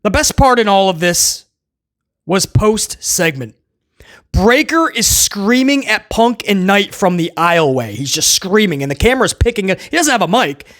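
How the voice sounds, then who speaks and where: A man hosts a casual wrestling review, rambling sarcastically and stammering through restarts in a video rant. His voice sits high and expressive, with a fairly bright tone at a normal speed.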